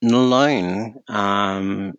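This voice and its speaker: A man's voice: on the low side, drawn-out words, clear, resonant tone, no echo, muffled recording. A man as a podcast guest, talking bluntly and candidly about work and the holidays. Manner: candid and blunt, swears freely. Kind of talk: casual conversation.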